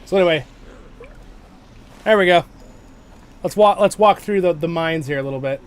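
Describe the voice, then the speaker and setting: A man's voice: fairly high pitch, moderate pace. A man casually talking his viewers through a video game on a livestream, rambling and correcting himself as he goes. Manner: chatty, rambling, self-correcting. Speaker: livestream host.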